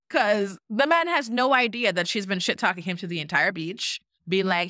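A woman's voice: mid-range voice, a little fast, few pauses, no echo, clean studio sound. A woman co-hosting a podcast, casually recapping a reality show and acting out what people said. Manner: animated storyteller, acts out quotes. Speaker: podcast co-host.

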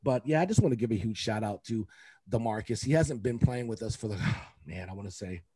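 A man's voice: fairly low pitch, lively intonation, brisk, warm tone, slightly rough, no echo. A man, a youth coach, talking in a casual podcast chat, rambling and emotional with many fillers and restarts.

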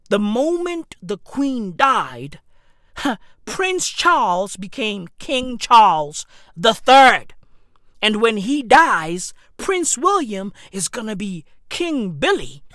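A woman delivering a profane comedic rant, full of slang, dropping into low mutters and then bursting into shouts. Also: dry recording, studio quality. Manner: slangy and repetitive, heavy swearing. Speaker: comic ranter.

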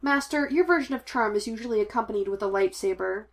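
A woman voicing a bright, teasing young apprentice. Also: on the high side, close to an everyday voice. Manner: teasing, impish, quick to argue. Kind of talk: audiobook reading of fan fiction.

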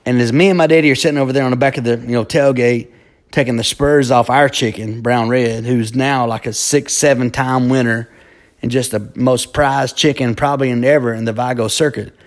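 A man with a drawl tells a story from his past. He rambles and circles back, full of "you know" and restarts, and he livens up as he gets to the exciting parts. His voice sits at an ordinary mid pitch. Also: a little fast. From Alabama. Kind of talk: casual storytelling.

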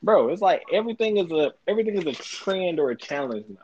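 A man's voice: high-pitched, sing-song, fast talker, a little mellow, lo-fi sound, a little hiss or hum. A man in casual podcast chat, boastful and insistent, swearing freely.

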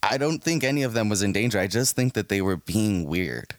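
A man's voice: lowish voice, lively intonation, brisk. A man casually telling a story in a laid-back chat, laughing often and swearing freely. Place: Los Angeles area.

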